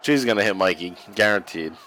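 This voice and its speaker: Lively, crude-joking male podcast host. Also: on the low side, fairly quick, a little hiss or hum. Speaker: podcast co-host watching wrestling. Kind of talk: casual watch-along commentary.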